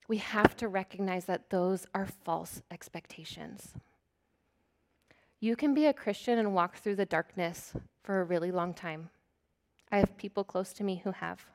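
A middle-aged woman with a mid-range voice preaches an earnest, candid sermon. Now and then she laughs at herself, and she drops into soft, breathy whispers for emphasis.

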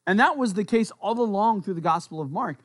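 A man preaching as a pastor in a conversational, playful way, repeating words as he works through a thought. His voice sits notably high for a man. The sound is dry and close, with no room around it. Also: expressive, fairly quick, no echo. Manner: repeats words while thinking aloud. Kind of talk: sermon.

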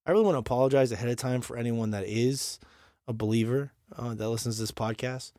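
A man's voice: medium pitch, fast, mellow, no room sound, studio quality. A man hosting a gaming podcast, reading listener comments aloud with frequent laughter in casual banter. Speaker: podcast host.

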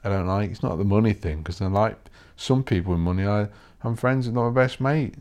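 Low-voiced man ranting casually. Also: brisk, darkish tone. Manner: swears a lot, rants and mocks posh voices. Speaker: podcast host. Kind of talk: rambling solo podcast monologue.

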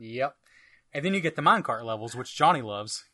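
A man's voice: mid-range voice, lively intonation, a little fast, sharp tone, no room sound. A man co-hosting a podcast, chatting enthusiastically about retro games with a rambling, filler-filled delivery. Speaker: podcast co-host. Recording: dry close mic.

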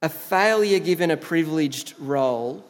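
A man's voice: a little high, expressive, normal speed. A man preaching a sermon as a pastor, telling the story in a conversational way. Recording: long hall reverb.

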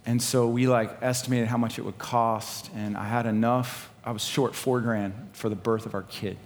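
A man preaching a sermon and telling a personal story, animated and laughing, swinging between loud preaching and quiet storytelling. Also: medium pitch, normal speed. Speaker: pastor. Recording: live hall with long reverb and faint ambience.

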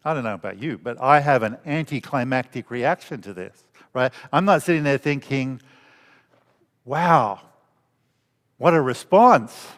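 Pastor preaching in a reverberant hall. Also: male voice, medium pitch, expressive, fairly quick. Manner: conversational storytelling with rhetorical questions. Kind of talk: sermon.

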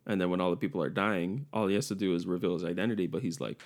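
Young male podcast co-host, very low register, loose and rambling, quick to laugh. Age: young adult. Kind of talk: casual chat.

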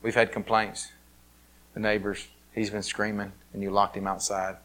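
A man voicing a young male police officer who talks in a low, flat, matter-of-fact way. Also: normal speed, lightly acted.

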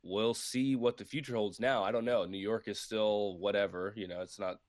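A comedian guesting on a casual chat, talking in a wry, self-mocking way. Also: male voice, on the low side, fairly even intonation, normal speed, dry recording, clean studio sound.

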